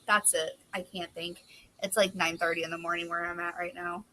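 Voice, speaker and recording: A woman's voice: fairly low pitch, little pitch movement, a little fast, bright, forceful tone, slight background noise, rough recording. Chatty young woman outdoors. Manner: chatty, rambling, self-deprecating. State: losing her voice. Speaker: book vlogger. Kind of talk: casual chat. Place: covered front porch outdoors. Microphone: phone camera.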